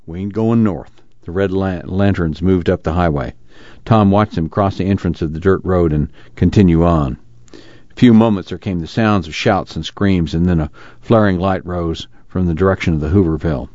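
A man narrating a novel aloud for a radio reading service, steady and measured. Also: low-pitched, no room sound. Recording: dry, slightly muffled studio recording.

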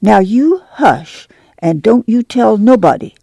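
A woman's voice: medium pitch, very animated, a little slow, vocal fry, mellow, no echo, pitched above the performer's own voice, full character voice. A woman voicing a protective older farm mother with a drawl, firm and commanding. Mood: firm, shushing.

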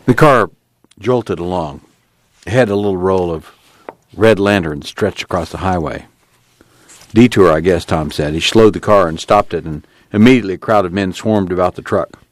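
A man reading a novel aloud as narrator on a radio reading service, steady and measured. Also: low voice, no room sound.

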